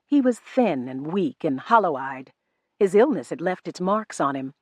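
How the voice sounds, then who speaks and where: A woman reading a novel aloud in first person, measured and restrained. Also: fairly low pitch, sing-song, no room sound. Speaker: audiobook narrator. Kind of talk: first-person audiobook narration.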